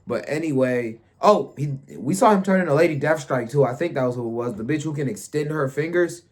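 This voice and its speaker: A man recaps a show episode in a loose, rambling way, swearing and using slang freely. His voice sits a little on the high side. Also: a little fast. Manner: crude, slangy, rambling storytelling.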